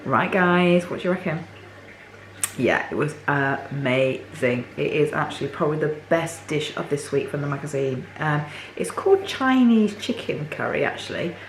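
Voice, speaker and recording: A chatty woman with a somewhat low, slightly hoarse voice, talking casually to camera. She is recorded in an echoey home kitchen with faint noise behind her. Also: animated, moderate pace. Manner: chatty, talks to her dogs in a high sing-song voice. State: voice a bit hoarse. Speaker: vlogger.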